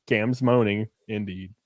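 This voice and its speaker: A tipsy man co-hosting a podcast, chatting crudely and animatedly, often laughing and breaking into high mocking voices. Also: no room sound, clean studio sound. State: a little drunk. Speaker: podcast co-host. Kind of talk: casual crude banter.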